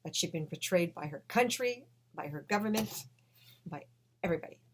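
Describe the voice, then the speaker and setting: A woman telling a personal story with emotion, swinging between hushed and loud. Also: lowish voice, animated, moderate pace, a little hiss or hum.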